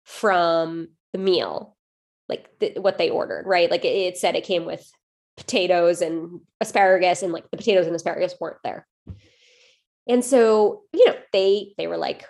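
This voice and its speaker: A woman co-hosting a podcast, telling a story in loose, animated chat. She leans on fillers and restarts as she talks. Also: medium pitch, creaky. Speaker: podcast co-host. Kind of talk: casual chat.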